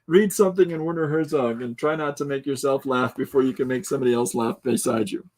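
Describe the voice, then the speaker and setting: On his casual livestream podcast, a man with a fast, darkish mid-range voice cracks jokes, laughs a lot, and reads out comments from viewers. Now and then he tries out voices mid-talk.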